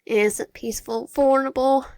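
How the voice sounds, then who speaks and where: A soft, possessive young yandere man from a visual novel murmurs his creepy devotion in a close, intimate monologue, read out by a woman with a fairly high voice. The sound is dry, with no room echo. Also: fairly even intonation, brisk, clear, resonant tone. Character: obsessive young male yandere, softly possessive.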